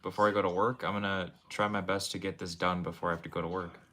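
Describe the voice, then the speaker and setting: A man's voice: deep voice, level tone, quick pace, fairly bright tone. A young man streaming from his room at home, rambling casually and talking to his chat in a laid-back way. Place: home room with game shelves.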